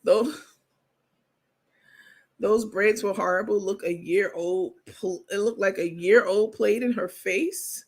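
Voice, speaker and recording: A woman's voice: mid-range voice, fairly even intonation, takes it slowly, pauses often, husky. Sassy woman hosting a live stream. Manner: sassy, joking, talks straight to viewers. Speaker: livestream host. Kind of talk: casual live-stream commentary.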